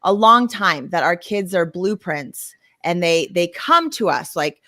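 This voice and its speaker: A woman's voice: fairly low pitch, a little slow, no room sound, clean studio sound. A middle-aged woman co-hosting a casual podcast, telling stories animatedly and laughing at herself. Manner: animated storyteller who acts out her own yelling. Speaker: podcast co-host. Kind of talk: casual chat.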